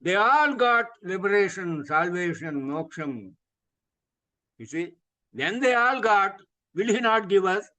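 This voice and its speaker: High-voiced emphatic man lecturing on scripture. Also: pushed and bright. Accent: Indian English. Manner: emphatic, repeats points, asks rhetorical questions. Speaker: scripture teacher. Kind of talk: spiritual lecture over video call. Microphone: video call microphone. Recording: dull, muffled video call audio.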